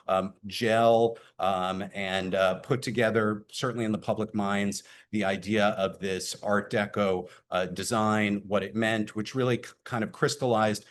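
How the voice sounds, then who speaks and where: Halting man presenting a webinar. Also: lowish voice. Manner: many filler words, halting. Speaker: program presenter for a preservation group. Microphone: computer mic on a video call.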